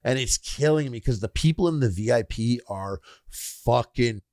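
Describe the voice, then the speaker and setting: A man's voice: medium pitch, moderate pace, no echo, clean studio sound. A man with a Canadian accent, co-hosting a podcast and telling a wild story in casual chat, acting out the people he quotes. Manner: animated, swearing, acts out quoted people. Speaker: podcast co-host.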